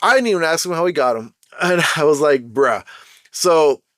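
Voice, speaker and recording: A man's voice: fairly high pitch, normal speed, dry recording, studio quality. Chatty Jamaican-accented man. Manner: animated, blunt and chatty, slang-heavy. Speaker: podcast host. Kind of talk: casual solo podcast talk.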